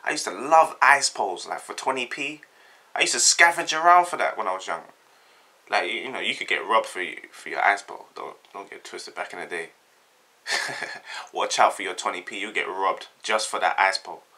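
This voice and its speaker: A man's voice: on the low side, animated, moderate pace, sharp tone. A young man from South London with a South London accent, chatting casually and jokily with lots of slang. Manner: laid-back, jokey, rambling with slang. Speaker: vlogger. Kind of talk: casual chat, answering a tag.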